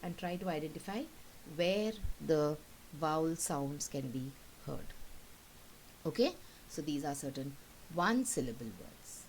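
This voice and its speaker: A woman teacher walks through words slowly and patiently, repeating each one so students can copy it. Her voice sits a little low, and a faint hiss runs under the recording. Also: expressive, a little mellow, poor audio. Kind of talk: recorded classroom lesson.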